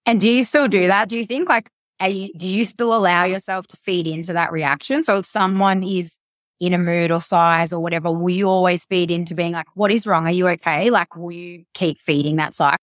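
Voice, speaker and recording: A woman coach talks through ideas in an earnest, explanatory podcast conversation. Her voice sits slightly low, and the sound is dry and close. She leans on "like" and "you know" as she works her way through each point. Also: steady tone, fairly quick, no room sound. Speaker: mental health and performance coach, guest.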